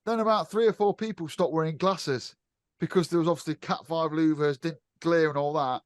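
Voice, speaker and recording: A man's voice: on the high side, fairly even intonation, brisk, no room sound. A man from Britain in casual podcast chat, outspoken and sweary, laughing often. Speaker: electrician podcast co-host.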